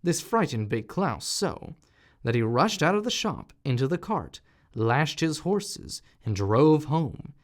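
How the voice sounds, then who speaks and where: A man narrating a fairy tale audiobook in an expressive, animated reading style. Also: fairly high pitch, takes it slowly. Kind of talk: storybook narration.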